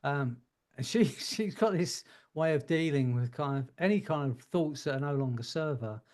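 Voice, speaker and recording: A man's voice: a little high, expressive, moderate pace. A man hosting a group coaching call, giving casual advice with jokes and frequent laughs. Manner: warm joking advice, laughs often.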